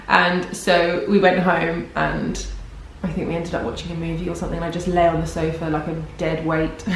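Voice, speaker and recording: A young pregnant woman talks to her camera in a rambling, self-deprecating way, sounding worn out. Her voice sits at an ordinary middle pitch. The room around her rings with heavy echo. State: pregnant and tired. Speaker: vlogger. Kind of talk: casual vlog chat. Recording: very echoey room.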